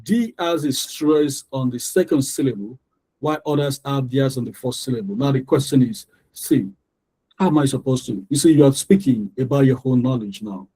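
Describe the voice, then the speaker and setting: A man teaching English pronunciation to exam students. His voice is mellow and warm, and he talks in an even, explanatory way. He repeats example words slowly to show where the stress falls. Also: mid-range voice, husky, rough recording. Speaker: English tutor. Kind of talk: online lesson.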